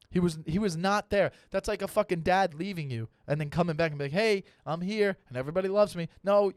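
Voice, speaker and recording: Comic man in his thirties hosting his own show; fairly high voice, swearing through mock-serious rants, dry close sound. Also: no room sound. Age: 30s. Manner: animated, profane ranting with mock-serious pep talks. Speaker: comedian podcast host. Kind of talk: comic solo monologue.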